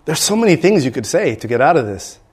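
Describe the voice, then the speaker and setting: A male preacher with a somewhat high voice delivers a sermon as an animated storyteller. He slips in and out of character voices as he acts out each scene, then returns to his preaching. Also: fast talker, breathy edge. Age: adult.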